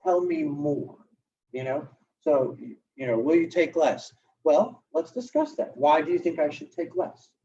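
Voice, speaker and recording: A man's voice: a little high, unhurried. A man coaching real estate agents in a live session, talking casually and acting out client exchanges. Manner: animated, conversational, acts out client dialogue. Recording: distant, dull lo-fi room recording.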